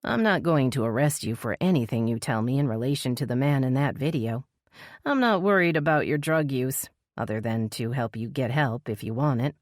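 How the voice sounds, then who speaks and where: A woman's voice: moderate pace, dry recording, studio quality. A woman voicing a determined female police officer in an audiobook, speaking earnestly and soothingly. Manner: earnest, steady, low and soothing.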